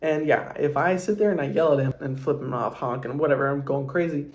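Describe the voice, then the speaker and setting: Speaking a little fast in a slightly high voice, a young dad takes viewer questions in a casual vlog. He's earnest and heartfelt, rambling with plenty of filler words.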